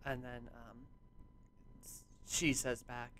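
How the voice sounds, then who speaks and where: A man's voice: medium pitch, a little slow, pauses often, pushed and bright, slight background noise. A man running a tabletop game as game master, narrating and ruling with many hesitant fillers.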